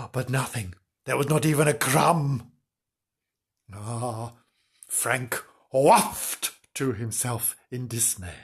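A man's voice: on the high side, husky. A man reading a children's story aloud, with playful, chatty asides to the children.

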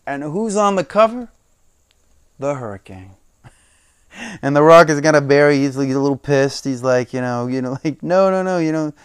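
A man hosts a casual wrestling recap podcast, with a slightly raised pitch and a smooth, resonant voice. He rambles with fillers and chuckles, and breaks into animated quotes of the wrestlers. The sound is close and dry, with no room around it. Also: no echo. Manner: chatty, laughs often, quotes wrestlers in animated bursts. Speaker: podcast host.

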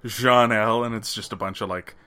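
Casual podcast co-host: Canadian man, bright forceful voice, jokey, swears freely. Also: lowish voice, fairly even intonation, smooth. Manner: laughing, swearing, quick asides. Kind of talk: casual movie ranking chat.

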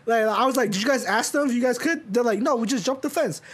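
A man's voice: extremely high pitch, quick pace, a bit bright, husky. A young man co-hosting a podcast, telling rambling stories in casual chat and swearing a lot. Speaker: podcast co-host.

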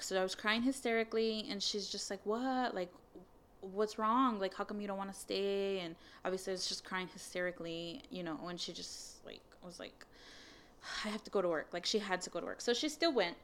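A woman's voice: lowish voice, clean tone. A young woman casually telling a personal story, candid, swearing freely and filling her talk with "like" and "um". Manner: candid, swears, many fillers, animated retelling of dialogue.

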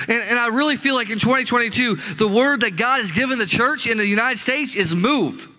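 Bright, high-voiced preaching man. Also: brisk, hardly any pauses, low-quality recording. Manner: emphatic, repetitive preaching. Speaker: pastor. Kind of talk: sermon. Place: church with a live congregation.

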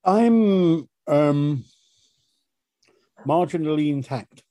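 A middle-aged man co-hosting a casual podcast chat with his son, tossing in dry, deadpan quips. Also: on the high side, extremely slow, no echo. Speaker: co-host, the host's father.

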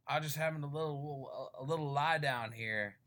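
Man voicing a drunk, knife-happy vagrant; slurry and a touch higher than his own voice. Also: moderate pace, a bit bright, natural voice. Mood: drunk, rambling.

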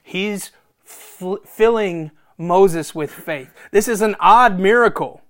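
A preacher delivering a sermon, reading scripture and explaining it, often repeating phrases for emphasis and swinging between loud, emphatic bursts and hushed, near-whispered lines. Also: medium pitch, takes it slowly. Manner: reads scripture aloud with commentary.

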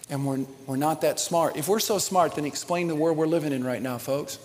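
A man preaching a sermon as pastor, swinging from hushed, earnest passages to loud, animated ones. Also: on the high side, fairly quick. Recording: long reverb of a large hall.

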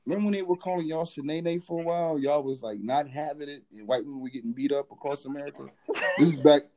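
A man from the US East Coast co-hosting a casual chat, animated and profane, joking and slipping into mocking voices. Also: on the high side, quick pace, low-quality recording.

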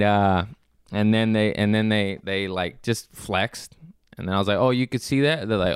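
A podcast host in his thirties, based in Los Angeles, tells a rambling, profane story during a casual chat, laughing often and restarting his sentences. His lowish voice moves at a moderate pace, with a clean tone and studio-quality sound free of room noise.

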